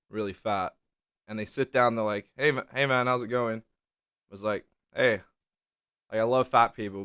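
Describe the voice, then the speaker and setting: Smooth-voiced young man, rambling. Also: mid-range voice, bright, forceful tone. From Australia. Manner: rambling, joking, crude. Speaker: YouTuber. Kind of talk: casual vlog monologue.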